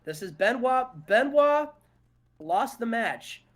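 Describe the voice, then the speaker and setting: A man co-hosting a podcast, recapping a wrestling game in casual, animated storytelling. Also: extremely high pitch, takes it slowly. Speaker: podcast co-host.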